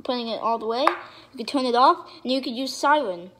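A woman giving chatty, excitable reaction commentary to her viewers, with sudden loud bursts. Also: fairly high pitch, fairly quick, noisy background. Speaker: video creator.

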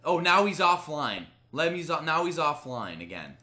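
Casting note: male gaming streamer, bright, lively pitch, furious swearing rants, faint music under him. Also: normal speed. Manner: angry, ranting, heavy swearing; swings between loud outbursts and muttering. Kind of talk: live gaming commentary.

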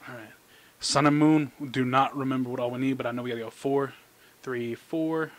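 A man with a mid-range voice talks through card packs in an excitable, rambling way. He breaks into squealing delight and mocks himself in quick asides. He is indoors, under an overhead light. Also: mid-range voice. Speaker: channel host. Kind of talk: casual card-pack opening commentary.

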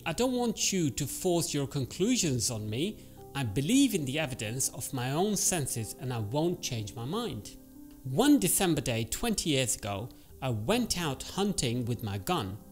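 A man reading a first-person horror story aloud as an English teacher, pausing to explain words in simple terms. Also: medium pitch.

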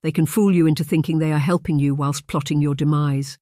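Kindly older aunt in a storybook romance, whispery and gentle, voiced by the narrator, dry and close. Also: medium pitch, fairly even intonation, brisk, dry recording, natural voice. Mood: hushed warning. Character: kindly soft-spoken aunt from Yorkshire, older woman.

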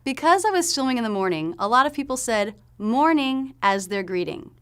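A woman giving a pronunciation lesson, explaining sounds clearly and demonstrating them slowly. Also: a little high, sing-song. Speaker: pronunciation teacher.

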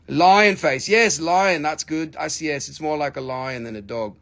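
An American man hosting a casual live sales stream of crystals, animated and swearing, slipping into silly voices. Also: fairly high pitch, moderate pace, gravelly. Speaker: live-sale host.

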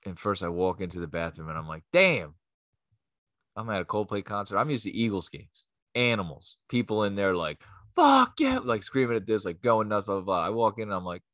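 A man tells a rambling comic story, swearing freely and jumping into quoted voices. His voice sits low, and the recording is dry and close. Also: fast talker, a bit bright, dry recording. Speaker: comedian host.

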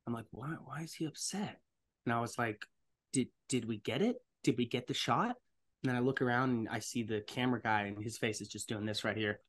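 A young man telling a story as a podcast guest, acting out other people's lines in loud, animated bursts. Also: medium pitch, fairly quick. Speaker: voice actor and stuntman guest.

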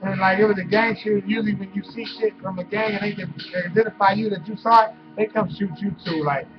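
A man with a fairly high voice delivers a profane, rambling comic rant straight to his webcam. He drifts from bit to bit and laughs at his own jokes. The audio is dull and lo-fi, with music playing clearly behind him. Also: fairly even intonation, quick pace. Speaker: webcam vlogger.

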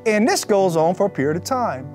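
A man telling his personal faith testimony as a lively story, with joking, sarcastic asides and acted-out quotes. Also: high-pitched, a little fast, soft background music.

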